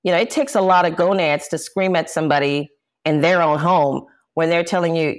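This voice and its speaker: A woman's voice: deep voice, fairly quick. A woman, a jazz singer, speaking as an interview guest and candidly recounting personal events with emphatic, impassioned delivery.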